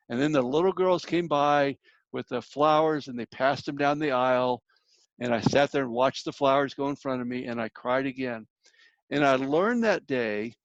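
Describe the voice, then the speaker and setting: A man's voice: mid-range voice, dry recording, lo-fi sound. A man giving a church workshop talk on grief, telling a personal story in an earnest way and speaking directly to his listeners.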